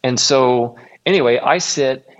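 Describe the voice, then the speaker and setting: A man's voice: medium pitch, unhurried. A young man from Illinois telling a rambling personal story in a casual way, correcting himself often along the way. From Illinois, USA. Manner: rambling, self-correcting, acts out quoted voices. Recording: dull lo-fi recording.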